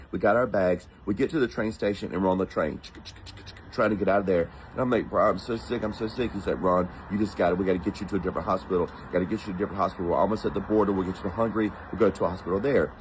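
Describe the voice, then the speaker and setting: Relaxed yet animated, an American man recounts a personal story, slipping into the voices of the people he quotes. He has a fairly low voice, and the recording is poor with slight background noise.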